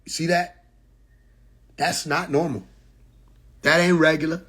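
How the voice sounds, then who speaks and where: A man in his twenties ranting on a phone livestream, profane and mocking, breaking into laughter and shouts. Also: a little high, little pitch movement, unhurried, breathy edge. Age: 20s. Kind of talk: casual livestream rant.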